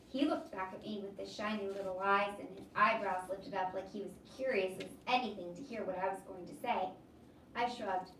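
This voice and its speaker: A teacher reading a novel aloud in an expressive storybook voice. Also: female voice, medium pitch, slight background noise. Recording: echoey room, distant mic.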